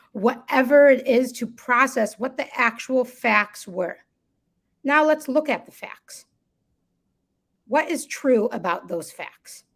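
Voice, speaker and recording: A woman speaking as a guest in a live conversation, explaining reflectively and often checking in with "right?". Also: on the high side. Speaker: guest, listening workshop co-founder.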